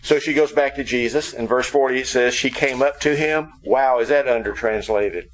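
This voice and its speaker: A man's voice: mid-range voice, moderate pace, rough recording. A man preaching a sermon who explains scripture through humorous storytelling.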